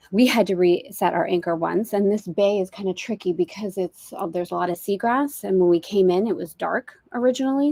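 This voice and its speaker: A woman's voice: medium pitch, vocal fry, a little mellow, dry recording, studio quality. Chatty woman teaching from a boat. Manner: chatty, reflective, laughs easily. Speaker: spiritual course teacher. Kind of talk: casual livestream teaching. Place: on a boat at anchor in a bay. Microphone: external mic on a live video stream.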